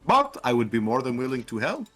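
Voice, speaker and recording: A man's voice: medium pitch, wildly swooping pitch, a little fast, pushed and bright, soft background music. A man playing a tabletop game online, mixing casual chat with in-character remarks. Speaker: player.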